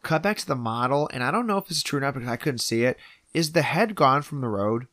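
Guy on a podcast walking through a movie scene by scene, does little voices for the characters, mid pitch, dry close sound. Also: quick pace, dry recording. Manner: animated retelling, acting out characters' lines. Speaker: podcast co-host. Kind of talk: casual film recap chat.

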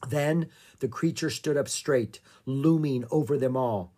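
An audiobook narrator reading a children's story aloud in a calm, expressive way. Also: mid-range voice, measured pace.

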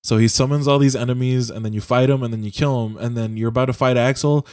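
Talking fast in a steady, mid-range voice that's a little mellow, a young man rambles about a video game plot in a casual voice-call chat, swearing and filling gaps with "um"s. He's a podcast co-host on a home mic, and the sound is dry and clean like a studio.

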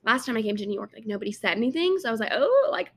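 A woman's voice: medium pitch, expressive, rapid-fire, a little hiss or hum. A young woman from Alabama with a Southern accent, chatting casually to camera and filling her talk with "like". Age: young adult. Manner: chatty, lots of "like" fillers. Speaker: intern vlogger.

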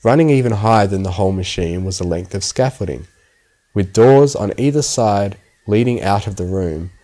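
Low-voiced man narrating a story. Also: moderate pace. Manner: steady storytelling read. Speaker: audiobook narrator. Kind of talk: scripted narration.

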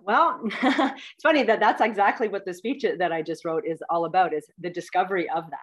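A woman in her fifties, a guest telling a personal story in a heartfelt, animated way with many fillers. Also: lowish voice, a little fast. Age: 50s.

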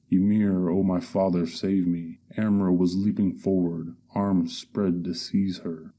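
A male audiobook narrator reading fantasy in a measured, steady way. His voice is low and very dark, with little movement in pitch.

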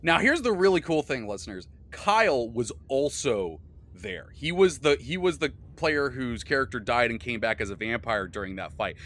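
A man hosting a podcast, recapping a tabletop game he ran, animated and swearing freely. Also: mid-range voice, normal speed. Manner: animated, swearing, frequent laughter. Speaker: podcast host and game master.

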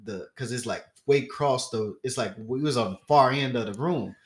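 A man's voice: mid-range voice, moderate pace. A young man on a podcast, telling a story casually and acting out the other people's voices with lots of laughing. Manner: animated, acts out quoted voices, laughs often. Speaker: podcast co-host.

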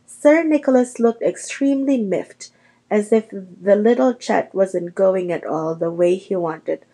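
A woman narrating a children's novel chapter aloud in a steady storytelling manner. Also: mid-range voice, a little slow. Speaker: reader. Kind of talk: audiobook narration.

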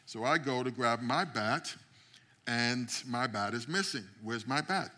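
A middle-aged man preaching a sermon as pastor, telling stories and acting out quotes, building up to loud climaxes. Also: mid-range voice, a little slow. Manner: storytelling, acts out quotes, builds to shouting climax.

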